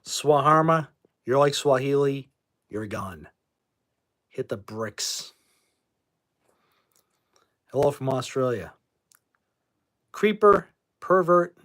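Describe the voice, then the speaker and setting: A man's voice: medium pitch, animated, takes it slowly, long pauses, fairly bright tone. A man from New England hosting a casual livestream, answering viewer comments and bluntly kicking out trolls as he rambles. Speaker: livestream host.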